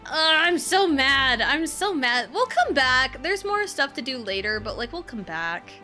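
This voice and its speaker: Bright, lively woman streamer chatting. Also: sits high, measured pace, soft background music. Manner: chatty and expressive, many fillers like "um" and "like"; talks aside to her young child while playing. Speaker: game streamer. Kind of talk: casual gameplay commentary.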